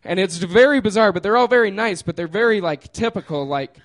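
A man's voice: high voice, lively intonation, fairly quick. A man casually telling a personal story, laughing often and trailing off with fillers.

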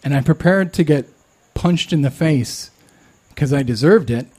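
A man's voice: fairly high pitch, warm tone, slightly rough. Candid man telling a personal story. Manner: candid, self-deprecating, halting.

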